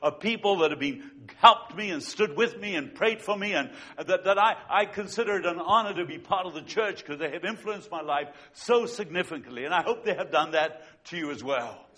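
A man preaching a sermon as a pastor, telling stories with swings between loud and hushed delivery. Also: high voice, lively intonation, fairly quick, few pauses, slightly rough. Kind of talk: sermon with storytelling.

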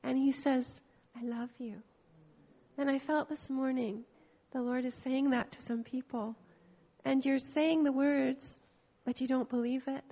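Older Canadian woman, gravelly voice. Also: sits high, fairly even intonation, warm tone. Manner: emotional, personal, pausing and restarting. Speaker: missionary speaking to a church. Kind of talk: heartfelt church testimony.

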